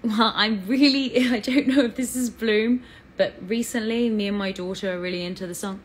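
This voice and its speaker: A woman's voice: mid-range voice, fairly even intonation, normal speed, a little hiss or hum, poor audio. A woman with an English accent chatting on a live fan Q&A, bubbly and talkative as she greets viewers. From England. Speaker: actress answering fan questions.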